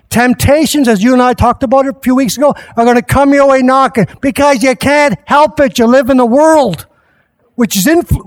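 A male pastor preaching a sermon at a church service, impassioned and rising at times to shouts. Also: very high-pitched.

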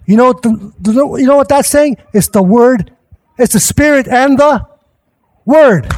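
High-voiced impassioned male preacher. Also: measured pace. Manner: impassioned preaching that rises to shouts. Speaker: pastor. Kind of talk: sermon. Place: church service.

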